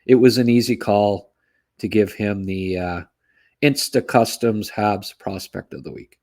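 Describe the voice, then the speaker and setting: A man co-hosting a hockey podcast, talking in a halting way with many fillers and restarts. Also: on the low side, darkish tone. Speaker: podcast co-host. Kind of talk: casual sports podcast chat.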